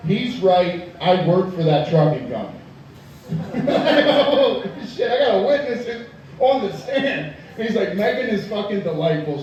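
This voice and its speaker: A man performing a profane stand-up comedy set in a tavern, telling loud rants and chatting with the crowd. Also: fairly high pitch, muffled recording. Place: tavern stage. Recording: echoey room from far off.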